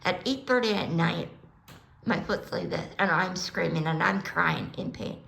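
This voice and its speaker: Blunt, creaky-voiced woman telling a story. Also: on the low side, moderate pace. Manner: blunt, swearing, acts out quoted dialogue with sudden loud outbursts. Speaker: storyteller sharing her life. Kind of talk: emotional personal storytelling.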